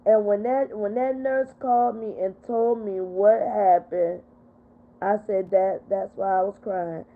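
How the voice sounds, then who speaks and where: An older woman hosting a casual livestream, talking in a heartfelt, repetitive way while she is upset but steady. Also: medium pitch, a little slow. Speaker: livestream host. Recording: tinny phone-like sound.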